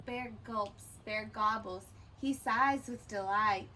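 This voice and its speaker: A woman's voice: mid-range voice, slow pace, hardly any pauses, pushed and bright, a little hiss or hum, rough recording. A woman teacher reading a children's picture book aloud, expressively, and stopping to ask the listener questions.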